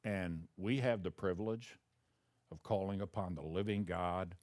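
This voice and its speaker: Pastor preaching in a dry close sound. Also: male voice, deep voice, unhurried, no echo. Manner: conversational preaching, rising to loud emphatic peaks. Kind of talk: sermon.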